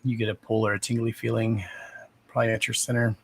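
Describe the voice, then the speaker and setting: A man's voice: fairly low pitch, flat delivery, fast, vocal fry, husky. Young guy doing a psychic livestream, chatty and cussing, laughs a lot, answers viewers by name. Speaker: psychic reader hosting a livestream. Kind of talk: casual livestream chat with viewers.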